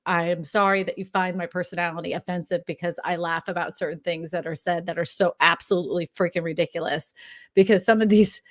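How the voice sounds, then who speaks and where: A woman hosting a casual live stream, upbeat and quick to laugh, talking with many fillers and restarts. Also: medium pitch. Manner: laughs often, upbeat and chatty; filler-heavy, restarts often. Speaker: real estate live stream host.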